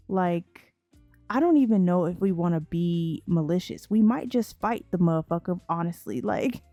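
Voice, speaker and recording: A woman slowly narrates her gameplay, acting out the characters' dialogue as she goes. Her voice is mellow, and the sound is close and dry. Soft music plays faintly underneath. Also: medium pitch, expressive, dry recording. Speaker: Sims let's play creator.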